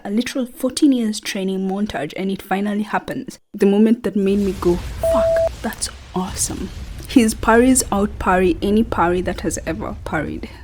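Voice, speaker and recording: A woman's voice: medium pitch, slight background noise. Playful woman reviewer with a cold. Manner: playful, dramatic, with hushed whispered asides. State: has a cold, slightly altered voice. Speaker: anime reviewer. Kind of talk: scripted review narration.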